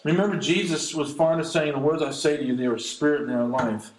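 A man preaching an expository sermon, reading scripture aloud and commenting on it, slowing down to stress key lines. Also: fairly high pitch. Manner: reads verses aloud then comments, slows for emphasis. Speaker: pastor. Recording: echoey room.

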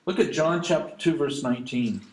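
A man preaching an expository sermon, reading scripture aloud and commenting on it, slowing down to stress key lines. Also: fairly high pitch, a little mellow. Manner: reads verses aloud then comments, slows for emphasis. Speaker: pastor. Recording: echoey room.

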